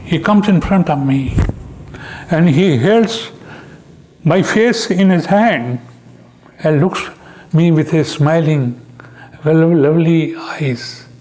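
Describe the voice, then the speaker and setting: An older man tells a personal story in a slow, unhurried way. His voice sits fairly high for a man. He speaks earnestly and acts out the quoted dialogue as he goes. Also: a little mellow. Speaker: guest speaker.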